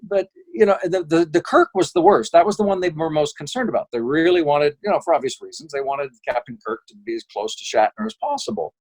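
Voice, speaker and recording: A man, a voice actor guest, telling lively anecdotes in a casual interview and slipping into quick impressions. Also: on the high side, rough recording.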